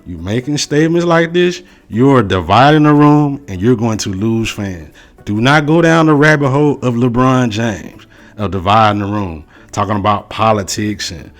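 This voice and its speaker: Male sports-show host, forceful repetitive opinion delivery, fairly low voice. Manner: emphatic, repetitive, slow and forceful on key phrases; casual slangy delivery. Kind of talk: opinion rant to camera.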